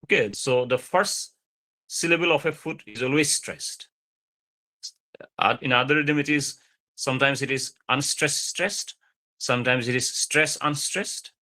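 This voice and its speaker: A man lecturing over a video call, explaining slowly with many fillers and repeated points. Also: medium pitch, bright, forceful tone.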